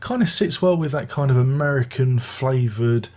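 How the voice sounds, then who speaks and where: A man's voice: mid-range voice, normal speed, darkish tone. An older British man reviewing an album in a casual, rambling way, often restarting his sentences and making chatty asides. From Britain. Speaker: music reviewer.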